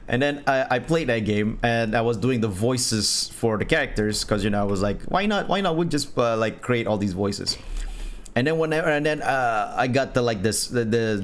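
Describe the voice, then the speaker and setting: A man chatting casually while streaming a cleaning game, laughing often and restarting his sentences. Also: mid-range voice. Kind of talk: casual gaming chat.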